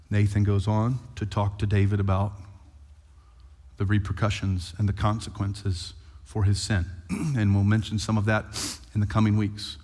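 Animated man preaching in an echoing hall. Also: mid-range voice. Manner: animated storytelling, conversational. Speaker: pastor. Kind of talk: sermon. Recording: long hall reverb.

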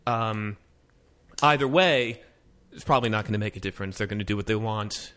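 A man co-hosting a casual tech podcast, talking fast and rambling with lots of restarts. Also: on the low side, a bit bright. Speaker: podcast co-host. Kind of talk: casual tech news chat.

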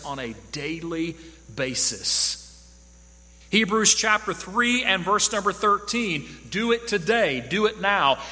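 A man's voice: high voice, sharp tone. A man preaching a sermon, emphatic and repeating key phrases for stress. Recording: long hall reverb.

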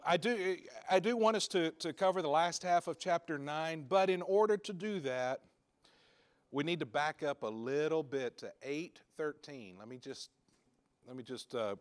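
A man's voice: fairly high pitch, moderate pace. A man teaching a Bible study class in an informal, conversational way, with homely asides.

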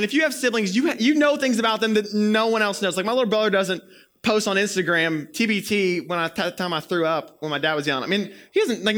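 Young guy preaching, high bright voice, tells stories in a playful animated way. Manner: animated storyteller, playful and quick. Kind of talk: sermon with personal story.

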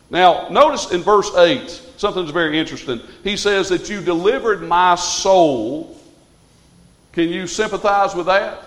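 A man delivers a sermon, his voice pitched high for a man. He moves from earnest, quiet reflection to fervent exhortation. A long church reverb hangs after each phrase. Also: moderate pace. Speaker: preacher.

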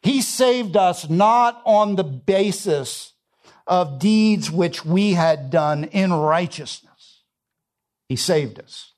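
A man preaching a sermon, emphatic, repeating key phrases and swinging between quiet and loud passages. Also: high-pitched, lively intonation, slow pace. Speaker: pastor.

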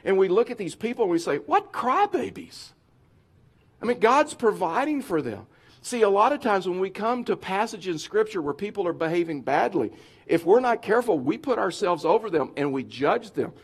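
A middle-aged man preaching as a pastor, lively and conversational, now and then acting out whiny complaining voices. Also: sits high, fairly quick, husky. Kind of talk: sermon.

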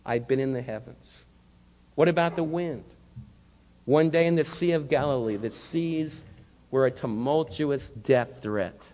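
Impassioned preacher with a reverberant hall. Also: male voice, mid-range voice, a little slow. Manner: impassioned preaching with big swings in loudness. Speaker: pastor. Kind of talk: sermon.

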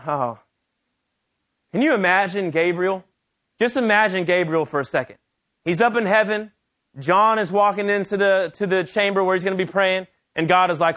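High-voiced, animated male preacher. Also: moderate pace. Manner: animated, conversational storytelling. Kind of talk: sermon.

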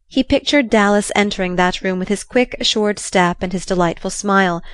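A woman narrates a classic novel as an audiobook in a measured, even storytelling manner. Her voice sits at a middling pitch, and the recording is dry and close with no room sound. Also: no room sound.

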